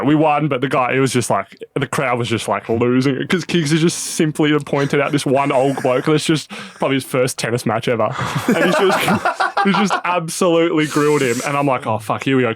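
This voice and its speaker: A man's voice: medium pitch, moderate pace, no room sound. A young Australian man telling loose, swear-filled stories as a guest in a casual podcast chat. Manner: loose storytelling peppered with swearing and "like". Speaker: guest, professional tennis player.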